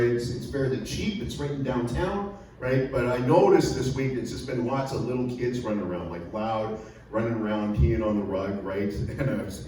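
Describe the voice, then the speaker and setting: A man's voice: mid-range voice, darkish tone. Crude joking man on a stage. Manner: crude, joking, laughing with the crowd. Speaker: stand-up comedian. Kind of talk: stand-up comedy set. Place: comedy club stage. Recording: echoey room recorded from a distance, noisy.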